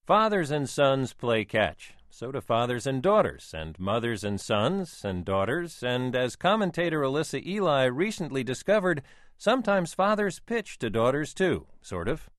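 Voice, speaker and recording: A man's voice: medium pitch, very animated, moderate pace, dry recording. A man hosting a public radio sports program, reading intros, listener information and a wry news item. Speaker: radio host.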